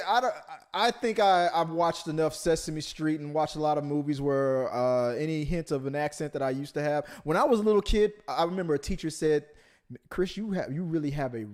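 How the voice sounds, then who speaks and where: A man from Texas hosts a casual podcast conversation, circling back on himself with plenty of restarts. His voice sits a little high for a man. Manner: hesitant, many restarts. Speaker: podcast host. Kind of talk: casual chat.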